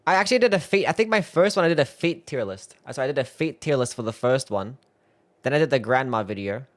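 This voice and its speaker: A young man streaming live and reacting to his own old videos. He laughs often, swears freely and mocks himself. His voice sits at a middle pitch. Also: lively intonation, fast. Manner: laughing, swearing, self-mocking.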